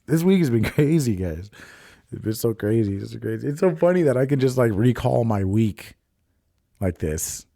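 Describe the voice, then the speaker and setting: Speaking solo on his podcast, a young man rambles through a personal story in a profane, confessional, casual way. His mid-range voice is expressive, gravelly, and dark, delivered at normal speed in a dry, studio-quality recording.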